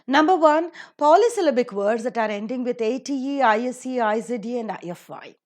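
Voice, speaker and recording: A woman with an Indian English accent teaching English word stress, reading word lists slowly and clearly and spelling out suffixes letter by letter. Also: medium pitch, darkish tone.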